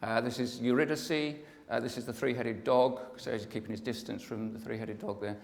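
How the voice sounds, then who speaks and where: A man with a medium-pitched, steady, creaky voice speaks briskly during a live pre-concert talk. He chats and jokes with the audience between singing his poems, and the recording has long hall reverb along with music.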